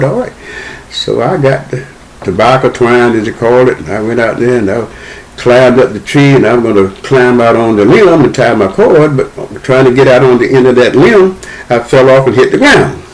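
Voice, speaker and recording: Older man as interview guest; expressive, swooping delivery, spins a childhood yarn. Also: medium pitch, low-quality recording. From Southern United States. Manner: animated, acts out the dialogue in his story. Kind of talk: storytelling about his childhood.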